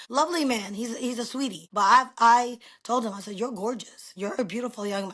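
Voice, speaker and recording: A middle-aged woman from New York with a New York accent, a loud and animated guest telling stories in a casual chat. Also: fairly high pitch.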